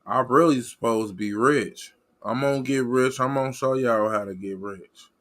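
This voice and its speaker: A man's voice: mid-range voice, normal speed, fairly bright tone. A man hosting a livestream and talking to his chat in a rambling, repetitive, fired-up way. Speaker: livestream host reading chat. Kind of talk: casual livestream rant.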